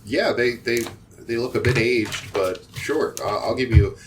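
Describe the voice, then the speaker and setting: A man running a tabletop game as game master, narrating in a halting way with many restarts. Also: medium pitch, noisy background.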